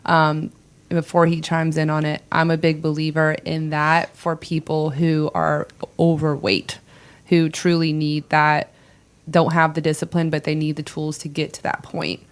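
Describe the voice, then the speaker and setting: A woman's voice: deep voice, flat delivery, unhurried, clean tone. A woman who runs a digital marketing firm, a podcast guest speaking candidly with opinions, laughter and many "like" fillers. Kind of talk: casual interview chat.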